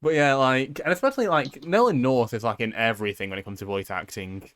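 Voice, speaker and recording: A man's voice: medium pitch, quick pace, fairly bright tone. A man hosting a podcast in casual chat, rambling with lots of fillers and restarts. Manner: rambling, filler-heavy, with many likes and restarts. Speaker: podcast host.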